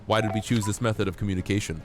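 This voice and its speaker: A man streaming a game while sick with a cold, chatting in a playful, excitable way and coughing now and then. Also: on the low side, rapid-fire, faint music behind. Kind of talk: casual live-stream gameplay chat.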